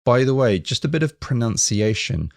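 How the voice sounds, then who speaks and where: A man's voice: mid-range voice, expressive, moderate pace, creaky, no room sound, studio quality. A man co-hosting a Japanese lesson podcast, asking questions and repeating phrases after the teacher. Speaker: co-host learning Japanese.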